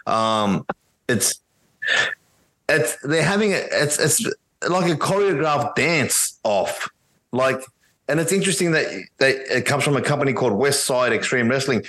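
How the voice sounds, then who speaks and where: A man's voice: medium pitch, lively intonation, measured pace, fairly bright tone, rough recording. A man co-hosting a casual wrestling podcast, ranting bluntly and swearing constantly. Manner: blunt and heavily profane ranting. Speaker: podcast co-host. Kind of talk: casual chat, wrestling review.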